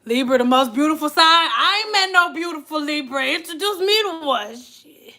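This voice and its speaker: A woman's voice: high voice, expressive, moderate pace, pushed and bright. A young adult woman vlogging in a casual, frank and profane way, acting out the people she talks about. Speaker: hair care vlogger. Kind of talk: casual chat to camera.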